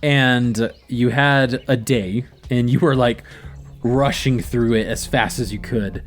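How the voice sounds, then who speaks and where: A man's voice: medium pitch, fairly even intonation, takes it slowly, soft background music. A man narrating as game master of a tabletop game, playful and vivid.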